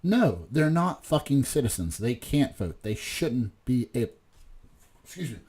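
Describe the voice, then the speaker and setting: A man's voice: medium pitch, sing-song, unhurried, a little mellow, slightly rough. A man from West Virginia co-hosting a podcast in casual chat, rambling with plenty of swearing and restarts. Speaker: podcast co-host.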